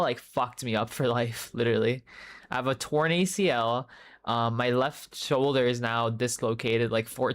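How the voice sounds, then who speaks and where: A young man with a medium-pitched, fairly bright voice chats casually on a livestream. He rambles loosely and profanely with many fillers, swearing freely and answering chat messages by name in the middle of his stories.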